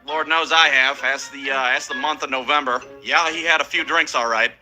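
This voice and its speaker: A man's voice: medium pitch, steady tone, moderate pace, faint music behind, rough recording. A man telling profane comic stories on stage, ranting and acting out people in raised voices. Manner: rants loudly, acts out people in raised voices. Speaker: stand-up comedian.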